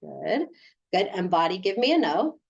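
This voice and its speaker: A woman's voice: fairly low pitch, sing-song, normal speed, gravelly, breathy edge, lo-fi sound. A woman leading a group through a guided body exercise on a video call, coaching them and often laughing. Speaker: workshop leader.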